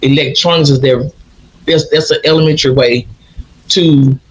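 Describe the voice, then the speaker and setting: A podcast host from with a raspy, slightly raised voice. He tells his stories with lively, looping restarts, in a casual chat with his guest. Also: on the high side, moderate pace, poor audio. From Louisiana. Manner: animated, rambling storyteller with many restarts.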